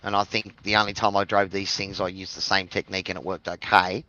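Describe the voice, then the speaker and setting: A man's voice: sits low, little pitch movement, a little fast, pushed and bright, no echo, dull audio. An Australian man co-commentating a sim race, giving easygoing analysis.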